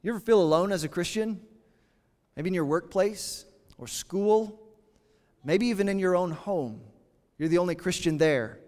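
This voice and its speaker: A pastor preaching a sermon in an earnest, conversational way, with dramatic pauses. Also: male voice, high-pitched, darkish tone, in a large hall.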